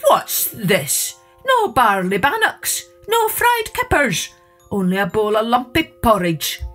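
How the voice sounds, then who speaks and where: A woman voicing a grumpy, blustering king in a storybook, loud and dismayed. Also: medium pitch, lively intonation, unhurried, husky, faint music behind. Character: grumpy blustering king, middle-aged man.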